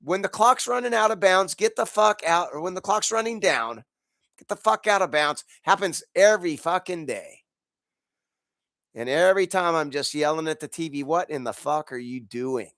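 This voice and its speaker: A man's voice: high-pitched, expressive, normal speed, gravelly, fairly bright tone, no echo, clean studio sound. A man hosting a podcast, ranting about football in a profane, exasperated way, congested from allergies. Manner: angry, profane, exasperated, laughs in bursts. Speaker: podcast host. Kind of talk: profane sports rant.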